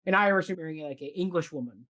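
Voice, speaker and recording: A woman's voice: on the low side, fast, fairly bright tone. A woman co-hosting a casual theatre review chat, rambling with many fillers and restarts. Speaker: podcast co-host.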